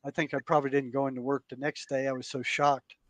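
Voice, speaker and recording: A man speaking as a podcast guest. He recounts past events in an earnest, halting way and often repeats words as he goes. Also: medium pitch, level tone, slight background noise. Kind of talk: storytelling in conversation.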